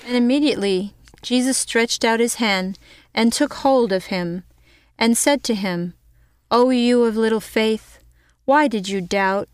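A woman co-hosting a Bible teaching show, reading scripture aloud with a steady, careful delivery. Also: fairly high pitch, a little slow, clean tone, no room sound, clean studio sound. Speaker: co-host and scripture reader.

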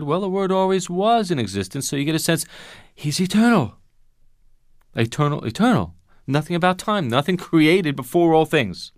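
A man's voice: medium pitch, animated, moderate pace, a bit bright, no echo, studio quality. A man teaching Bible Greek grammar in an emphatic way, asking rhetorical questions and repeating his key points.

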